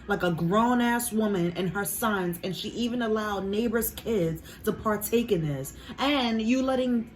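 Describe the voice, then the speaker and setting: A woman's voice: medium pitch, a little hiss or hum, rough recording. A woman. She talks earnestly in a casual, emotional way, swears freely and fills her talk with "you know". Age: 20s. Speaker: reaction video host.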